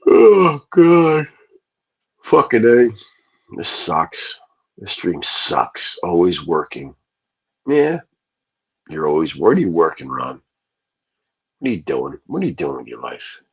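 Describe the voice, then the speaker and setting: A man's voice: very deep voice, very animated, a little slow, pauses often, a bit bright, husky, low-quality recording. A man ranting casually on a livestream, rambling and swearing as he answers his chat. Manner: profane, rambling, talks back to chat.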